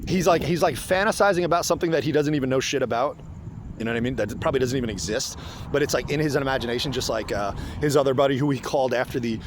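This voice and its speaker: Animated, sarcastic male commentator. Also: mid-range voice, noisy background. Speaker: online commentator. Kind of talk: casual commentary vlog.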